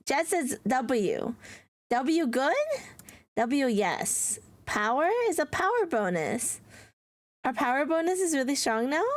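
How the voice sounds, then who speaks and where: A woman's voice: high voice, big pitch swings, a little slow, creaky. A woman streamer in casual livestream chat, playful and giggly as she answers her viewers, with mock-whiny dramatic teasing.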